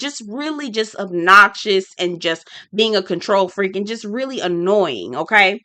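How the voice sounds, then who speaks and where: A woman's voice: mid-range voice, animated, unhurried, hardly any pauses, bright, forceful tone, no echo. A woman hosting a casual reality-show review vlog, blunt and sassy, talking straight to her viewers and repeating her points for emphasis. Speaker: reality TV recap host.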